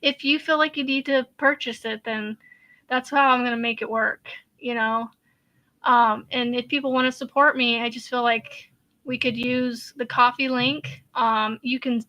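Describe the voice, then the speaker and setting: A woman's voice: a little high, fairly even intonation, measured pace, pushed and bright, dull audio. A woman, hosting a casual crochet live chat in a rambling, hesitant way with many fillers and sighs. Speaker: crochet channel host.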